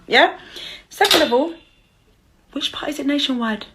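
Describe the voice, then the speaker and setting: Young woman, angry mocking rant, slightly high voice. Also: lively intonation, normal speed, background noise. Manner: confrontational, heated and mocking, repeats herself. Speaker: mother calling out her child's father. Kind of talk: angry live-stream rant.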